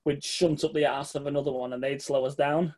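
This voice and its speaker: A fairly high-voiced man tells a rambling road-trip tale with plenty of swearing and energy. He slips into quick impressions of the people he met along the way. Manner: animated, swears freely, mimics people he met. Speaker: guest telling a travel story. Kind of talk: casual anecdote.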